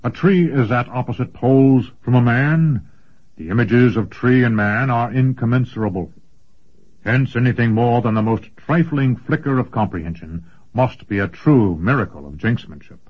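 A man voicing a massive, gruff old male sorcerer who speaks in a rumbling, lecturing way. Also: lively intonation, moderate pace, lightly acted. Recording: dull lo-fi recording.

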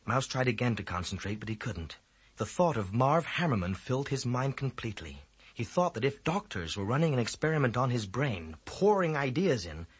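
A man with a husky voice narrating a children's book aloud, reading expressively. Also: mid-range voice, no room sound. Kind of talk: audiobook narration.

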